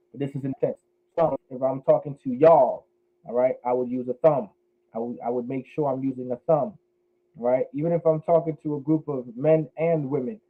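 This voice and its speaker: Man, teacher, online class, repeats words for drilling, phone-like tinny sound. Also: mid-range voice. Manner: repetitive, drills pronunciation slowly.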